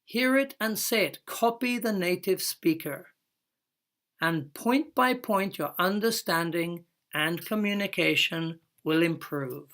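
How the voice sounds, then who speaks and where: A woman's voice: on the low side, fairly bright tone. A woman giving a recorded English lesson, explaining step by step and stretching out her example phrases. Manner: slow, careful explaining with drawn-out example words. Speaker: English teacher.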